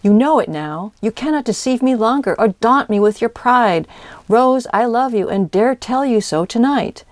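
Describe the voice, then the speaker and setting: A woman's voice: a little high, animated, normal speed, dry recording, voice pushed up, natural voice. An impassioned young man declares his love, as a woman reading aloud puts him on. He speaks impetuously and insistently in an audiobook reading, with a dry, close sound. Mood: ardent.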